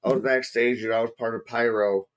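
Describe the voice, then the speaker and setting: A man hosting a casual podcast, his pitch sitting in the ordinary middle range. He tells stories in a loose, rambling way, peppering everything with swearing and "dude". The talk stays relaxed and conversational. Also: brisk, a loud crowd. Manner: rambling profane storytelling, says "dude" a lot. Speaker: podcast host.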